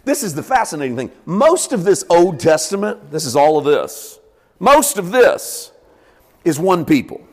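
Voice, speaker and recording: A man's voice: fairly high pitch, big pitch swings, normal speed, long reverb tail. A male pastor preaching a sermon in an emphatic, conversational way.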